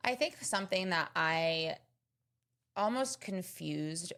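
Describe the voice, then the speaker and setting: A woman with a gravelly, creaky edge and a fairly low voice gives encouraging advice as a podcast co-host. She speaks in relaxed, casual chat. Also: takes it slowly.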